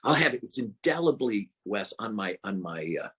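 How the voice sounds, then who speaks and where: Husky low-voiced older man. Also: big pitch swings, normal speed, a bit bright. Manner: rambling, repeats fillers and restarts. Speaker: guest author. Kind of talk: casual interview about prayer.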